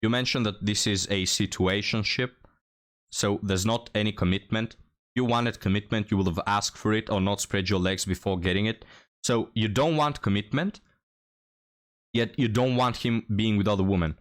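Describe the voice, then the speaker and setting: A man's voice: on the low side, moderate pace. A man giving scornful, lecturing reaction commentary on a played clip.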